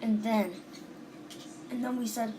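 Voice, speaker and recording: A woman's voice: a little high, fairly even intonation, slow, background noise. A woman casually retelling a dream, rambling and restarting with lots of "and then", on a home recording. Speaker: storyteller.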